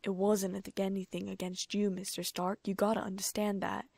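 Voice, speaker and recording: Woman voicing a calm, remorseless male killer. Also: medium pitch, moderate pace, gravelly, no echo. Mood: calm sincerity. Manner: calm, sincere, unremorseful. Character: cold unrepentant middle-aged male killer gardener.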